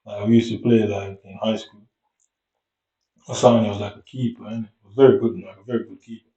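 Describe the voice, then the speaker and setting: A young Jamaican vlogger, fairly low-pitched with a level, warm tone, rambles at length in easygoing slang and a Jamaican accent, never rushing. The echoey room and the distant, dull mic shape the sound.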